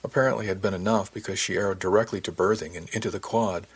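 Husky low-voiced male audiobook narrator. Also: fairly even intonation, fast talker. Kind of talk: first-person audiobook narration.

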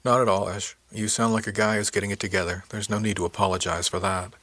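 A frank, friendly woman spacer in an audiobook, as a male narrator reads her lines, talking candidly and matter-of-factly. The voice sits fairly low, and the recording is dry and close. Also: level tone, quick pace, sharp tone, dry recording. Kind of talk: audiobook character voice.

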